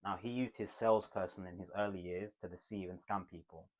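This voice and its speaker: A man teaching communication skills to camera in an emphatic, motivational way, swinging between loud bursts and hushed asides. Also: deep voice, steady tone, brisk. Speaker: communication coach.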